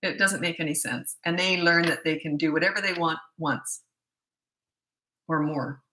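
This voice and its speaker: A middle-aged woman coaching parents, blunt and chatty as she slips from advice into family stories. Her voice is bright and forceful and sits on the low side for a woman. The room around her is echoey. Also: fairly even intonation, normal speed. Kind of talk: casual advice talk.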